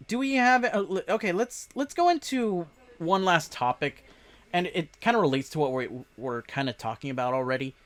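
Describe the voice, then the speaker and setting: A man's voice: fairly high pitch, expressive, moderate pace. A man hosting a casual podcast chat, rambling with frequent laughs.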